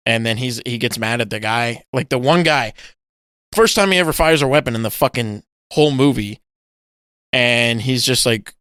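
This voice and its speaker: A man co-hosting a podcast, chatting casually and swearing a lot as he retells movie scenes with yelled bits. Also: medium pitch, moderate pace, clean tone, no room sound, clean studio sound. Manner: animated storytelling, swearing, loud acted-out yells. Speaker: podcast co-host. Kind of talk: casual chat.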